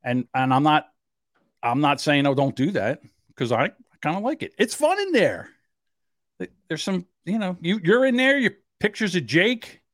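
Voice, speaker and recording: A man in casual podcast banter with a lively, bouncing voice that rides a bit high. He jokes, laughs easily and drops into silly mock voices. The sound is close and dry. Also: moderate pace, dry recording. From Irish. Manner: jokey, laughs often, slips into mocking voices. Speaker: podcast co-host.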